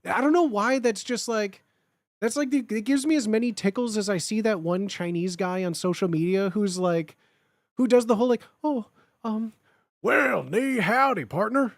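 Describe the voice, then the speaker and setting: A young man from the Chicago area, livestreaming and chatting casually with viewers, rambling excitedly with lots of filler words and swearing. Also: sits high, normal speed, no echo, studio quality. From Chicago area, United States.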